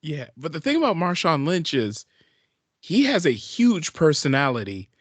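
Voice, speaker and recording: A man co-hosting a podcast in casual chat, a relaxed, agreeable listener who adds short remarks. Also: fairly high pitch, moderate pace, husky, no room sound. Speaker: podcast co-host.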